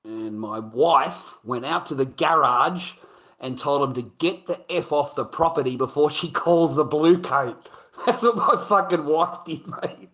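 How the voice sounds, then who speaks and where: A man's voice: fairly high pitch, unhurried. Swearing man telling a story. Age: adult. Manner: heavy swearing, animated rambling. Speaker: streamer. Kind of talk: casual livestream storytelling.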